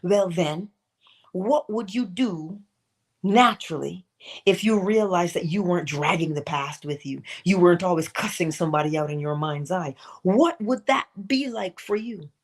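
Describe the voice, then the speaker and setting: A woman's voice: lowish voice, animated, normal speed. A middle-aged woman hosting a morning inspirational livestream, asking pointed questions and throwing in playful asides to herself. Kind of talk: motivational talk.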